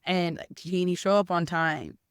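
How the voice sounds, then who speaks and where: A middle-aged woman with a smooth, clear voice speaks casually in an interview. She tells stories with a lot of "like" fillers and acts out what people said. The sound is dry and close. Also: lowish voice, moderate pace, dry recording. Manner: animated storytelling, many "like" fillers, acts out quoted speech. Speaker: softball coach and former college player.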